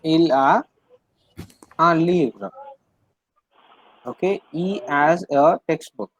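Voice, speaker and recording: A man's voice: a little high, extremely slow, dull audio. A man teaching French in an online class, explaining patiently, repeating himself and using many fillers over a video call.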